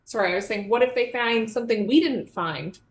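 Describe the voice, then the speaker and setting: A woman's voice: a little high, brisk. A woman playing a tabletop game, chatting in a playful way. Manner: playful, laughs between lines. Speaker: player. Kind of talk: casual tabletop role-play. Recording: roomy echo.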